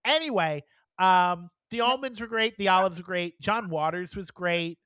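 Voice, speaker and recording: A woman co-hosting a podcast, telling a story in a casual, animated way, swearing freely and acting out the people she quotes. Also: on the low side, normal speed, clean tone, no echo. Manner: animated, profane, acts out quoted dialogue. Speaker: podcast co-host.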